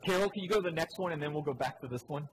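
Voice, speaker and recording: Animated man preaching with slides. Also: rapid-fire, slight background noise, rough recording. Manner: animated, swings between loud emphatic lines and low quiet ones; asks the audience questions and repeats key phrases. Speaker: pastor. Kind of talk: sermon with slides.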